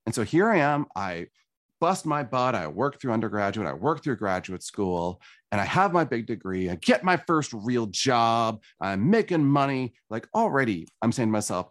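A man's voice: mid-range voice, big pitch swings, normal speed. A man, a guest, earnestly telling his personal story in a conversation.

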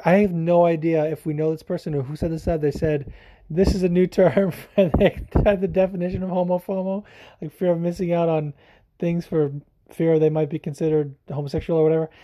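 A man hosting a podcast in casual, rambling chat, excitable and swearing freely. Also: a little high. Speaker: podcast host.

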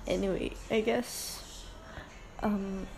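Slow teary Filipino woman, gravelly voice. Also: medium pitch, fairly even intonation, darkish tone, faint music behind. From Philippines. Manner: slow and halting, teary, mixing English and Tagalog. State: tearful. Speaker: podcast host. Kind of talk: personal podcast monologue.

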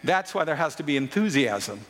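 A man with a high voice delivers a sermon from the pulpit. He presses his points hard and repeats phrases for weight. His words ring out with the long reverb of a large church hall. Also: big pitch swings, fairly quick, fairly bright tone. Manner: emphatic preaching with repeated phrases. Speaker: pastor.

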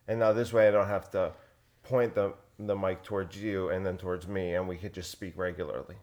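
This podcast host speaks low and flat, a touch quickly and a bit mellow. His casual chat wanders and turns sarcastic, with frequent sentence restarts, all captured on one handheld recorder.

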